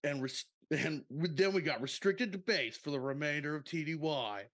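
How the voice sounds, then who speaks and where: A man's voice: a little high, moderate pace, fairly bright tone, close to an everyday voice. A man doing a drawling surfer-dude story. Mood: laid-back. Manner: drawling, peppered with "dude" and "bro". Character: laid-back surfer-dude military man telling a party story. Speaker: podcast co-host reading a listener submission.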